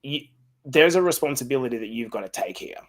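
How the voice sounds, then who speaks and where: A man hosting a casual podcast conversation. He talks bluntly and swears freely, at an ordinary middle pitch, and winds up with an upbeat sign-off. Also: animated, fast, fairly bright tone. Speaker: podcast host.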